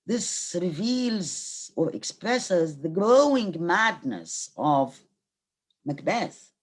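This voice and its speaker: A woman's voice: lowish voice, sing-song, very slow, breathy edge. A middle-aged Egyptian woman, a native Arabic speaker, giving a university literature lecture. She reads verse aloud, then explains each line and glosses it in Arabic.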